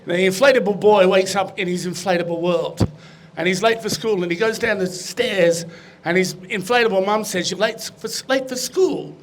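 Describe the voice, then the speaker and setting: A middle-aged man tells stand-up jokes in a high-pitched voice. He is an animated storyteller who hits his punchlines loudly, with faint noise in the background. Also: normal speed. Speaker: stand-up comedian. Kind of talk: stand-up joke telling. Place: on stage.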